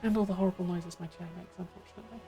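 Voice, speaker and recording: A woman's voice: fairly low pitch, steady tone, very fast, warm tone, soft background music. A woman streaming a game, chatting casually and self-deprecatingly on a studio mic with a pop guard at home.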